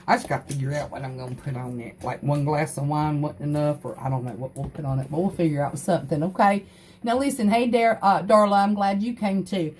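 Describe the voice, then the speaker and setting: A woman's voice: sits low, fairly quick, a little mellow, slight background noise. A middle-aged woman hosting a crafting livestream, chatting earnestly and greeting viewers by name. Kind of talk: casual livestream chat.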